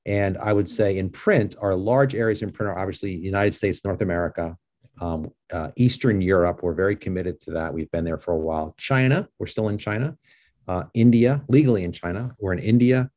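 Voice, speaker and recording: A man from New York speaks as a guest in a relaxed interview. His voice sits low and mellow, and he talks earnestly, often restarting his sentences. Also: fairly quick. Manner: earnest, with frequent restarts and "you know". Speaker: guest, ministry leader. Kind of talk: casual interview chat.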